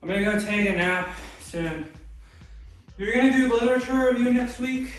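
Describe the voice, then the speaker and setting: A man's voice: very high voice, moderate pace, heavy reverb, recorded from a distance, rough recording. A man streaming from his home garage gym, chatting casually with viewers between lifts, out of breath and laid-back. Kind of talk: casual chat with live chat while lifting.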